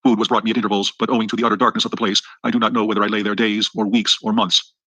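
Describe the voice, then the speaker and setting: A man reading an adventure novel aloud as an audiobook narrator, with brisk, even storytelling. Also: on the low side, slightly rough, dry recording, low-quality recording. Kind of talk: scripted narration.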